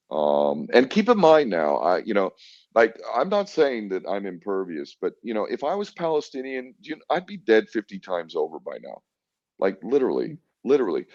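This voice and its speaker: Middle-aged man, podcast guest, low and gruff, swearing freely, lo-fi and dry. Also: darkish tone, no room sound. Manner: blunt, profane, defiant, acts out quoted exchanges. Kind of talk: candid storytelling interview. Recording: dull lo-fi dry sound.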